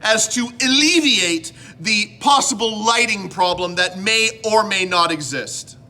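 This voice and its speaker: A man's voice: sits high, animated, a little slow, pushed and bright. A man from Canada hosting his own vlog, talking playfully to camera with rambling asides and silly noises. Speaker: vlogger and show host. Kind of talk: casual chat to camera.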